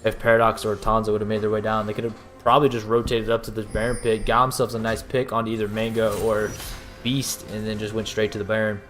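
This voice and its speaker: A man giving excitable play-by-play commentary as an esports caster, rising to shouts at big plays. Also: fairly low pitch, a little fast, soft background music.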